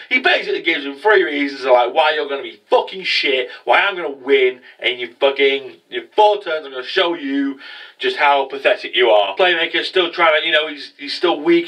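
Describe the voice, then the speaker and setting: Guy rambling through an episode recap, swears a ton, bright voice, sits a bit back from the mic. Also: a little high, distant mic, low-quality recording. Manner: rambling, profane, many fillers. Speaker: anime reviewer.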